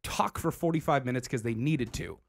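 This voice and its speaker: A man's voice: mid-range voice, fairly quick, creaky. A man in a casual chat, earnestly lecturing people to listen and care. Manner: earnest, preachy ranting. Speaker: podcast co-host.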